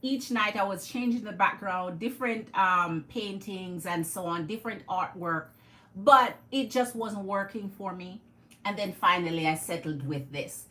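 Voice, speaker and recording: A woman's voice: medium pitch, sharp tone, poor audio. A woman with a Jamaican accent hosting a live tarot stream, chatting with her viewers and greeting them by name.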